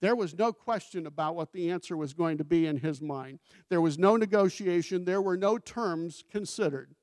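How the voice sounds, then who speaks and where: A man's voice: high-pitched, normal speed, darkish tone, no room sound, studio quality. A male pastor preaching a sermon in a conversational way, asking the congregation questions and giving scripture quotes with emphasis.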